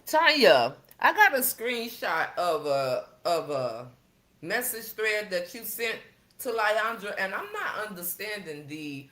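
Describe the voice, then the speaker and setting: A woman's voice: mid-range voice, very animated, slow pace, fairly bright tone. Chatty woman greeting her livestream viewers. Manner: chatty, greets viewers by name, calls them sister and baby. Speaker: livestream host. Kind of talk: casual livestream chat with viewers.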